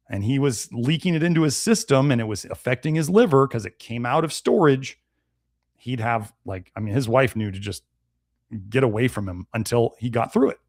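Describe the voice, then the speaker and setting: A man hosts a nutrition live stream, talking bluntly and casually as he answers viewer comments. His voice sits at a middle pitch. The sound is dry and close. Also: no room sound. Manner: blunt, conversational, animated. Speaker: nutrition show host.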